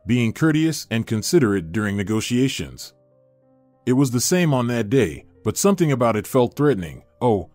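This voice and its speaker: Brief: male story narrator, animated delivery, dry studio sound, soft music bed. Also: mid-range voice, no echo. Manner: measured storytelling.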